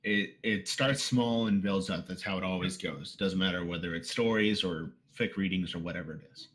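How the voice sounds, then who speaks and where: Low-voiced casual podcast host, man. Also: moderate pace. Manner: relaxed, reads out listener questions and teases. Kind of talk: casual interview.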